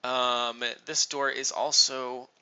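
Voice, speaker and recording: A man's voice: mid-range voice, level tone, takes it slowly, sharp tone, clear, resonant tone, poor audio. A man narrating as game master of a tabletop game, explaining rules and lore with frequent ums.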